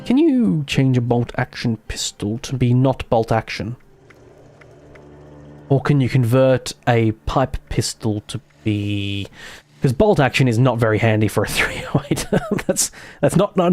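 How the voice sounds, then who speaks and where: A man's voice: mid-range voice, expressive, normal speed, darkish tone, soft background music. Give me a sarcastic Australian man chatting over his gameplay. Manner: sarcastic, self-mocking, swears freely. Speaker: streamer. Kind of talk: casual gaming commentary.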